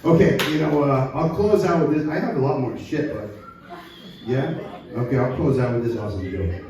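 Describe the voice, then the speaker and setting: A man's voice: medium pitch, expressive, normal speed, crowd noise. A man doing a stand-up set at a brewery, rambling and chuckling at his own jokes. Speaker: stand-up comedian. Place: brewery taproom. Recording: echoey room, mic heard from far off.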